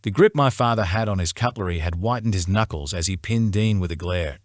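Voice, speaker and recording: A man narrating a romance audiobook in the first person, steady and measured. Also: low-pitched, no room sound, studio quality.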